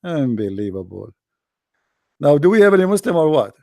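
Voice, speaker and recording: A man's voice: fairly high pitch, big pitch swings, moderate pace, dark tone, dry recording. A man with joking and rambling in a teasing voice chat. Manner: teasing, rambling, non-native phrasing. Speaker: chat room speaker.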